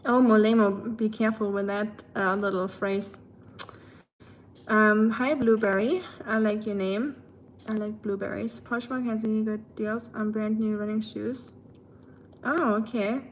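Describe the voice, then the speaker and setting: On her livestream, a young German woman with a German accent chats casually with viewers, rambling somewhat and poking fun at herself. Her voice is medium-pitched with fairly even intonation and a measured pace, recorded in low quality with slight background noise.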